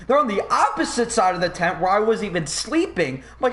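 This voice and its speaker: Young guy rambling through a wild story on his podcast, swears a lot, kinda high voice. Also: brisk. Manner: rambling, profane, animated retelling. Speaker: podcast host. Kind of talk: casual storytelling.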